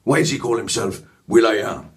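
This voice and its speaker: A man's voice: fairly low pitch, normal speed, close to an everyday voice. A man impersonating a swaggering older male crooner who belts out lines and mumbles with a stammer. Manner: belting sung lines, then mumbling stammer.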